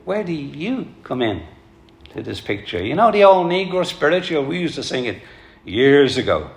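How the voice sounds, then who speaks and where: A male preacher delivers an earnest, pleading sermon, talking straight to the congregation. His voice sits a little high. The sound carries the echo of a large room. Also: very animated, moderate pace, gravelly. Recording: echoey hall.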